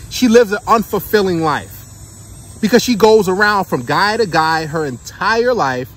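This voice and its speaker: A man's voice: sits high, fairly bright tone, a little hiss or hum. A man giving a preachy monologue of dating advice to the camera, emphatic and repetitive, checking in with his listeners as he goes. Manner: emphatic, repeats points and checks in with "right?" and "okay?".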